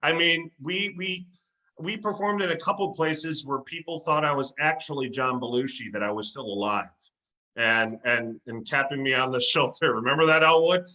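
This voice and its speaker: Bright-voiced man, muffled recording. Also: mid-range voice, normal speed. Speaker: tribute band singer. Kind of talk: casual interview chat. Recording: slightly muffled lo-fi sound.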